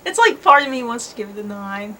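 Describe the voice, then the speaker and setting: A woman co-host in a casual chat, talking in a relaxed, rambling way with fillers and laughs. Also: on the high side, fast, slight background noise, low-quality recording.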